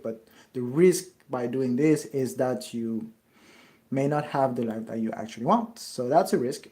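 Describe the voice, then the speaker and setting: A man answering follower questions in a casual chat, halting as he searches for English words. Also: medium pitch, mellow.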